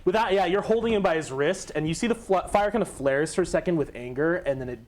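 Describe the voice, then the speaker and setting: Animated, high-voiced male game master. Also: fast, background noise. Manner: loose, filler-heavy narration with frequent "like". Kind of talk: narrating a tabletop game.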